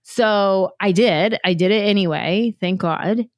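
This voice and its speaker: Woman from San Jose telling animated stories as a talk show guest, dry studio mic. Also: mid-range voice, no echo. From San Jose, California. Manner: animated, fast storyteller who acts out quotes. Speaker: comedian guest. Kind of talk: casual interview storytelling.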